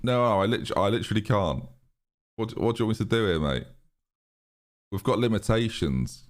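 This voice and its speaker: A man streaming a football management game live, chatting excitedly to his viewers and laughing often. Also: fairly low pitch, normal speed. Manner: excitable, chatty, talks to chat. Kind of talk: live gaming commentary.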